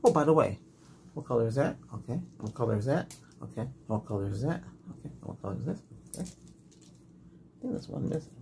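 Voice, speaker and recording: A man in a whispered role-play as an emergency doctor, giving soft, patient, gentle instructions. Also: mid-range voice, animated, fast, vocal fry. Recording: noisy hiss and clicks.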